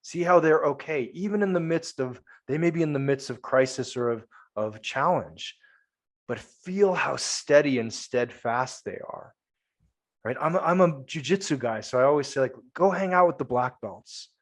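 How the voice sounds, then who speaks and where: A man's voice: fairly high pitch, lively intonation, normal speed. A man, a men's coach and podcast guest, speaking earnestly and emphatically in casual conversation, with lots of coaching-style repetition.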